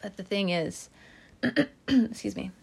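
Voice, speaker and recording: A woman giving a casual tarot reading to her viewers. She is gentle and tearful, often laughs and breaks off mid-sentence. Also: mid-range voice, slow, gravelly, husky. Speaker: tarot reader.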